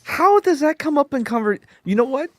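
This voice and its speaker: A man with a Southern US accent hosting a podcast in casual chat, animated and swearing freely. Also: extremely high pitch, fairly quick, no room sound, studio quality. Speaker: podcast host.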